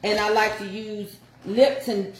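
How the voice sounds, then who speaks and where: A woman's voice: mid-range voice, fairly even intonation, a little slow, reverberant, slight background noise. An older woman chatting folksily to viewers as she walks through a home recipe. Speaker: home cook showing a recipe. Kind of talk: casual cooking chat.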